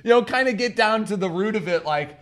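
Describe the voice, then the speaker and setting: A man's voice: high voice, lively intonation, a little fast, a bit bright. A man co-hosting a podcast in casual chat, swearing freely and laughing often. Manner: loose, profane, laughs often. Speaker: podcast co-host.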